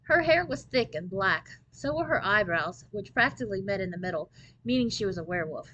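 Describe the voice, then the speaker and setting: A woman's voice: medium pitch, a little fast, rough recording. Woman reading a children's novel aloud. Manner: steady, expressive first-person narration. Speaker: storybook reader.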